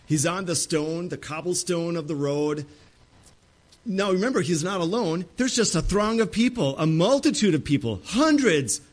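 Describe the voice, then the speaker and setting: A middle-aged male pastor preaching a sermon, dramatic and acting out the pleas of Bible figures. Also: on the high side.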